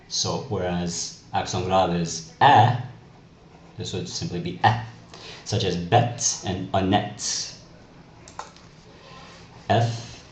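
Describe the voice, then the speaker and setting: Guy teaching french in a video lesson, slow and careful, lowish voice, echoey room with a bit of hiss. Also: darkish tone. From Canada. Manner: deliberate, explanatory, spells out letters. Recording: echoey room with faint noise.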